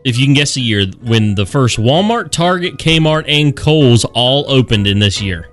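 A male radio co-host sharing trivia with a chatty, amused lilt, his voice moving lively through its range. Faint music sits under the talk. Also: medium pitch, moderate pace. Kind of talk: casual radio banter.

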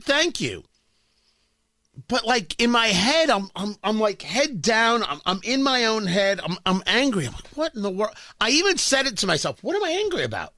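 Lively, bright-voiced man hosting radio. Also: sits high, no room sound, clean studio sound. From New York / New Jersey area. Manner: animated, self-mocking storytelling. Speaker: radio talk show host. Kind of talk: radio monologue.

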